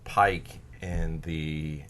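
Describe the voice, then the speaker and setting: A man's voice: rumbling low, fairly even intonation, drawn-out words, a bit bright, a little hiss or hum. A man co-hosting a casual podcast chat, hesitant and searching for words. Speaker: podcast co-host.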